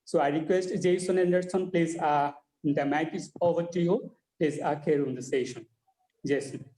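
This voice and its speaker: A man hosting a webinar, introducing the speaker formally with many pauses and fillers. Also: a little high, fairly even intonation, dark tone, roomy sound, slight background noise, rough recording. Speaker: webinar host. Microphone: video call.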